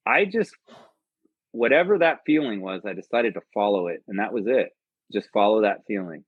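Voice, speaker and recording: A man's voice: on the low side, lively intonation, moderate pace, husky, dry recording. A man from the United States, a podcast guest and army veteran, telling a personal story in a rambling, profane, earnest way. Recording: dull lo-fi podcast audio.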